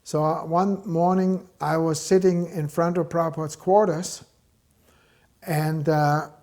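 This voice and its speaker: A man's voice: on the high side, flat delivery, unhurried, darkish tone. An older man, once a guard, plainly recounting a personal memory. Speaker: former guard. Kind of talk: personal reminiscence.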